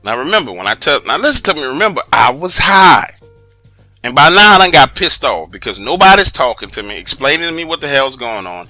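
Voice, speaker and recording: Forceful, animated man telling a wild story. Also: on the high side, no echo. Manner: animated, profane, emphatic, addresses listeners directly. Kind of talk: comedic first-person storytelling.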